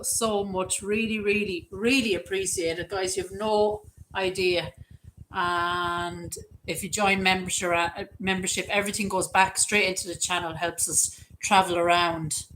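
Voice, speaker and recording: Lady on a livestream, gushing thanks to the chat, bright sharp voice. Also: mid-range voice, measured pace, slight background noise, low-quality recording. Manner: chatty, effusive thanks. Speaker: livestream host.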